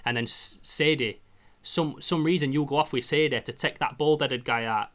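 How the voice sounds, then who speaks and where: A man, co-hosting a podcast and talking through a video game in an excitable, sweary way. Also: mid-range voice, moderate pace. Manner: excitable, sweary, retells scenes with quoted lines. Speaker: podcast co-host. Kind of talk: casual game review chat.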